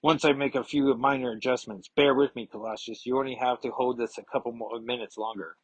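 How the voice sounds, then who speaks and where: A man voicing a cheerful young acrobat with a put-on German accent, talking in a bouncy, hurried way. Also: mid-range voice, steady tone, breathy edge, dry recording, natural voice.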